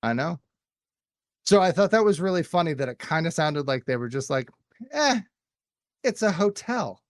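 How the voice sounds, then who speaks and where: A man's voice: a little high, animated, fairly quick, no room sound, studio quality. A man hosting a casual movie podcast panel, reading out trivia in a playful, jokey way. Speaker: podcast host.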